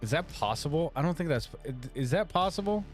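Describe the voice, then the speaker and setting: A man's voice: a little high, expressive, a little fast, faint music behind. A man co-hosting a live art stream, chatting casually, laughing often and reading viewer comments aloud.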